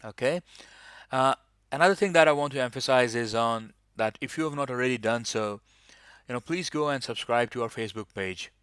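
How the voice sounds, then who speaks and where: A man's voice: mid-range voice, a little fast, a bit bright, clean tone, dry recording, studio quality. A man teaching an English speaking-test lesson, explaining patiently with many fillers. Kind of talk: online lesson.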